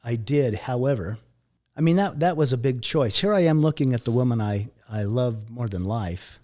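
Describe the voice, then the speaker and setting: A middle-aged man speaks in a medium-pitched voice, telling a deeply personal story in a halting way. He repeats words and restarts his sentences. At the painful parts his voice sinks low and soft. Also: animated. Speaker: guest recounting a near-death experience.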